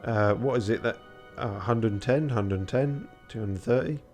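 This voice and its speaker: A man's voice: medium pitch, normal speed, a little mellow, soft background music. A tired man streaming a game, reading its text aloud and making wry, muttered asides.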